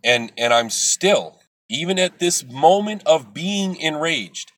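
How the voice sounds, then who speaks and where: Husky, bright-voiced man ranting. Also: fairly high pitch, expressive, slow, no echo. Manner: blunt, profane and preachy, swinging from loud to soft. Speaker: livestream host. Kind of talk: ranting live video talk to viewers.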